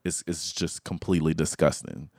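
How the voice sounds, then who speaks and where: Deep-voiced, joking man co-host. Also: gravelly, no echo, studio quality. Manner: joking, quick to laugh, animated. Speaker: podcast co-host. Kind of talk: casual chat.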